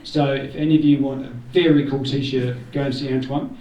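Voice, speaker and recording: A man's voice: mid-range voice, level tone, brisk, warm tone, muffled recording. A man gives an informal thank-you speech to a gathering, rambling a little with jokey asides. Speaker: event organiser giving thanks. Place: indoor community room. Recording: roomy hall, voice from far off.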